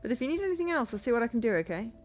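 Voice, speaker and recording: A woman's voice: a little high, sing-song, very fast, faint music behind, pitched above the performer's own voice. A woman voicing a young female band manager who sounds incredulous and firm.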